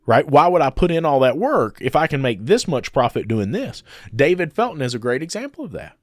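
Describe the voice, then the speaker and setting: Male podcast co-host, lively storyteller with a swinging pitch, dry close sound. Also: a little fast, no room sound. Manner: animated storyteller who acts out quoted people. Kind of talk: casual podcast chat.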